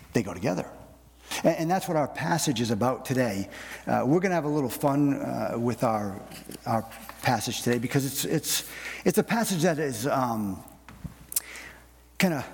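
A male pastor preaching a sermon, often repeating words and pausing with fillers as he speaks. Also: mid-range voice, a little mellow, big-room sound. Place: church sanctuary.

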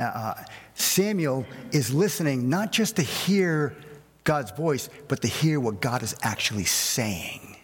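A man preaching a sermon as pastor, animated and conversational, with personal asides. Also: mid-range voice, husky, big-room sound.

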